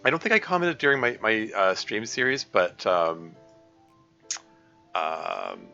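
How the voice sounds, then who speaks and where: A man chatting over his stream, hesitant and full of restarts, chuckling between thoughts. His voice sounds bright and sharp. The sound is slightly muffled, with faint music playing under him. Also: fairly low pitch, very animated, measured pace, vocal fry. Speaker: streamer reading a game mod. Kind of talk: live stream commentary.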